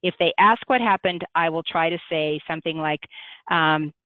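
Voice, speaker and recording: A middle-aged woman, a guest on a webinar, speaking gently and in a measured way with many pauses. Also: deep voice, dry recording. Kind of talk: webinar conversation. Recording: tinny dry phone line.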